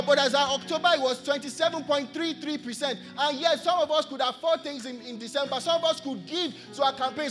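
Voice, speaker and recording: A man's voice: extremely high pitch, brisk, hardly any pauses, fairly bright tone, faint music behind. A Nigerian man preaching a sermon, earnest, returning again and again to repeated refrains. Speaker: pastor. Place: church.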